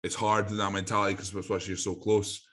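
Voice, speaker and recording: A man's voice: fairly low pitch, flat delivery, fast, fairly bright tone. A young Scottish man, a bodybuilding coach, co-hosting a podcast in casual chat, swearing and acting out talks with clients. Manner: sweary, says aye, acts out talks with clients.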